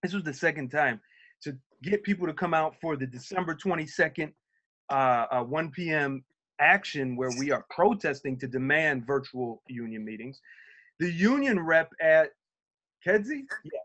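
A man speaking on a video call as a union organizer, telling an animated story and acting out shouted quotes. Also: fairly high pitch, normal speed. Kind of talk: virtual meeting talk, storytelling.

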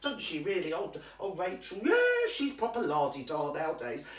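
A performer doing a gossipy older woman, chattering away in confiding asides and teasing jabs. Her pitch swoops up and down with relish. She sounds a step back from the mic in a roomy space. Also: big pitch swings, normal speed, recorded from a distance, faint music behind, close to an everyday voice. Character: gossipy older British woman, nosy and cheeky. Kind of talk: comic character monologue to camera.

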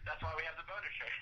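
A man's voice: a little high, dull audio. A young man, a touring musician, joking crudely and playfully as a guest on a live webcast. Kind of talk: casual crude banter.

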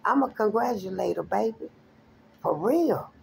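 A woman's voice: mid-range voice, expressive, a little slow, vocal fry, a little hiss or hum. A woman who does spiritual readings, talking straight to her viewers in a blunt, profane, emphatic rant. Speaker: spiritual reader. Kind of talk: direct-to-camera rant.

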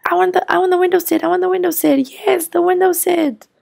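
An excitable, insistent young boy, as a woman puts him on in a toy-play story. The voice is pitched high with a gravelly, mellow grain. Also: fast talker, full character voice. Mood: eager.

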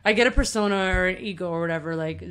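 A woman's voice: fairly low pitch, very fast, fairly bright tone, clear, resonant tone. Blunt, swearing woman reacting to a clip. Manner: blunt, swears freely, incredulous. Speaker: podcast co-host. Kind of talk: casual reaction chat.

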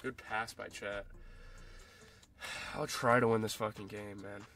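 A young man commentating his own basketball video game match, frustrated and swearing, often yelling at his opponent. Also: lowish voice, steady tone, measured pace, soft background music. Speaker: gaming YouTuber. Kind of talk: live gameplay commentary.

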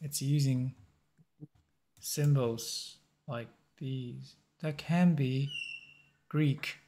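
A man hosting a map-guessing game video, thinking aloud in a halting, musing way with short chuckles. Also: mid-range voice, steady tone, warm tone.

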